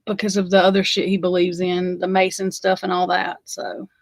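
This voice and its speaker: A woman's voice: fairly low pitch, monotone, normal speed, no echo. A woman with an Alabama accent hosting a casual chat, rambling and swearing freely. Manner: rambling and profane, with frequent swearing. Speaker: host.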